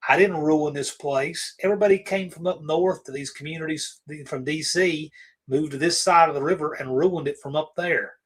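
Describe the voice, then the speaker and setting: A man's voice: on the high side, normal speed, slightly rough, low-quality recording. A man from Virginia hosting a casual livestream, rambling easygoingly through viewer comments and often trailing off to restart. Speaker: livestream host. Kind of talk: casual live-stream chat, answering viewer comments.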